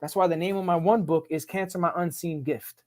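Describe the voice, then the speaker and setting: Middle-aged man, podcast guest, quick emphatic street talk with profanity. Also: fairly high pitch, steady tone, darkish tone. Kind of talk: casual storytelling.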